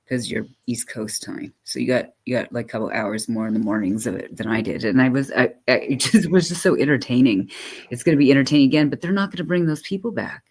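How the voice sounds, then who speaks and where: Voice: medium pitch, slightly rough. Rambling live-stream co-host. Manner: rambling, laughing and filling with "like". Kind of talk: casual chat with live chat.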